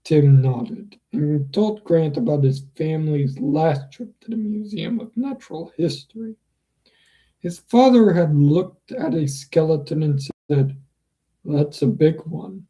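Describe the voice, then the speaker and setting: A host reads a novel aloud slowly, in a mellow, relaxed tone. The reading is casual and now and then breaks off for chatty, joking asides. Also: medium pitch, dull audio. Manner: chatty, laughs and swears in asides. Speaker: book reader and host.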